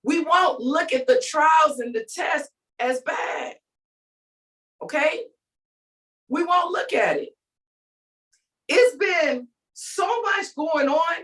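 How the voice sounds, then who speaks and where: A woman's voice: sits high, a bit bright, distant mic, low-quality recording. A woman giving an emphatic, preachy faith talk, calling out to her listeners as she vents. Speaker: faith vlogger. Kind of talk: inspirational rant.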